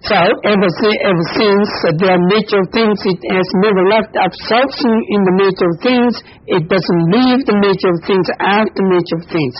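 A man giving a Buddhist dharma talk as teacher, in halting non-native English full of fillers and soft chuckles, with a husky voice. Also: high voice. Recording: dull lo-fi recording.

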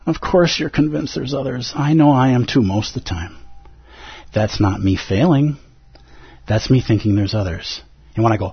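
A man's voice: medium pitch, normal speed, husky, lo-fi sound. A man giving a dharma talk as a meditation teacher, earnest and pleading, with playful asides.

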